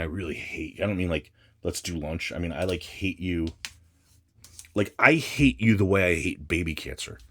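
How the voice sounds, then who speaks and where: Deep raspy guy cussing his way through an unboxing vlog, grumbly and fed up. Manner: profane, grumbling, exasperated. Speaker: comic collector vlogger. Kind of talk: casual ranting unboxing vlog.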